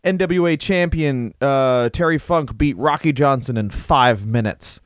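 Guy on a comedy podcast riffing crude stories, smooth voice, dead dry mic. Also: medium pitch, measured pace, dry recording. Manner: crude, rambling storytelling with silly put-on voices. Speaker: podcast co-host. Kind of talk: improvised comedy chat.

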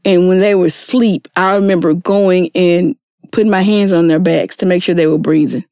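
A woman's voice: lowish voice, fairly even intonation, moderate pace, dark tone, clean tone, no echo, clean studio sound. A middle-aged woman, telling her personal story with earnest feeling and acting out the people she quotes. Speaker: guest sharing her story. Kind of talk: emotional personal testimony.

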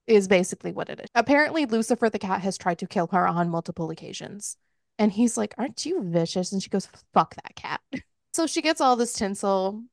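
A woman hosting a book club podcast, recapping a story in casual chat with lively, profane quoted dialogue. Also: medium pitch, a little fast, vocal fry, background noise.

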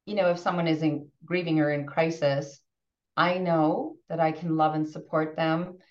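Animated woman in her fifties, echoey and distant. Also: low-pitched, normal speed. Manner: animated, emotional, frequent restarts. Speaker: podcast guest. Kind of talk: casual podcast conversation. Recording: distant roomy muffled remote audio.

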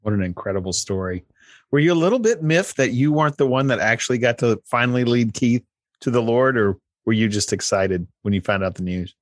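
A man interviewing a guest, asking soft-spoken, affirming questions. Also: medium pitch, animated, fairly quick, dry recording, studio quality.

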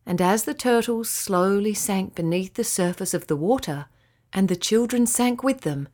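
A woman narrating a children's bedtime story in a gentle, expressive way. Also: medium pitch, normal speed.

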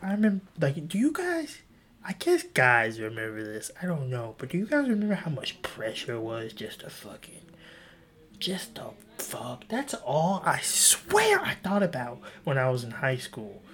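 A young man hosting a casual solo podcast, rambling through stories with swearing and voicing his past self in sudden high pitches. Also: wildly swooping pitch, moderate pace, a bit bright. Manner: rambling, swearing, voice jumps high when acting out his own past lines. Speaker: podcast host.

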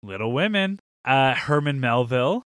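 A man's voice: medium pitch, expressive, moderate pace, a bit bright, no room sound, clean studio sound. A man hosting a podcast in casual chat, quizzing his co-hosts and laughing often. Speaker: podcast host.

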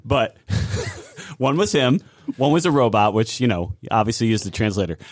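A man co-hosting a podcast and teasing his friends. His voice has a middle pitch and a relaxed, conversational delivery. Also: normal speed, no room sound. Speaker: podcast co-host. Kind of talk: casual chat.

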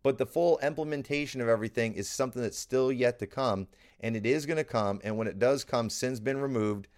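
A man's voice: mid-range voice, fairly quick. A man, a pastor preaching a Bible teaching who repeats his key lines for emphasis. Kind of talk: sermon-style Bible teaching.

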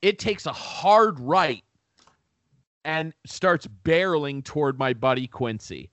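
Podcast guy spinning a funny story, swears a lot, drawn out and slow, dry close sound. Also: fairly high pitch, no echo. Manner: animated, profane, self-mocking storytelling. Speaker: podcast host. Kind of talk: comic storytelling.

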